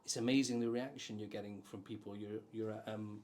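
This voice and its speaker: A man's voice: on the low side, fairly even intonation, fairly quick, a little mellow. A man hosting a casual interview with a friend. He nudges the talk along by recalling memories they share. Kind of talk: casual chat.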